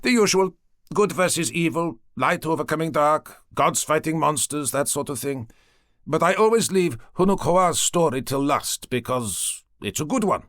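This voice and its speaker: Casting: a man putting on a chirpy, high-pitched young hustler who sells tall tales to tourists, eager and lively. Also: moderate pace, dry recording, studio quality. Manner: eager, chatty, salesman-like. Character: cheerful skinny young male fake-shaman showman.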